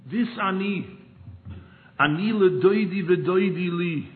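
Brief: male preacher, fervent to hushed, somewhat high voice, tinny phone-line sound with faint hiss. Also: takes it slowly, reverberant. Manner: impassioned, swinging from near-shouted pleas to hushed storytelling. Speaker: rabbi giving a talk. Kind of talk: sermon.

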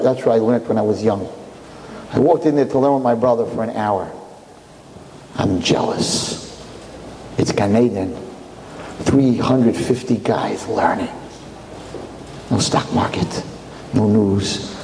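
A man, preaching and telling a story in an animated, emphatic way. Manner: animated, emphatic, rising to high pitch. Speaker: religious speaker. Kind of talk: sermon with storytelling. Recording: hall reverb, faint ambience.

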